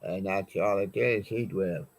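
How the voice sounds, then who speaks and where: Slow, rambling male live-stream host. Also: low voice, gravelly, husky. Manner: rambling, chatty, reads out song titles. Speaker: host of a live music show. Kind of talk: live-stream chat presenting records.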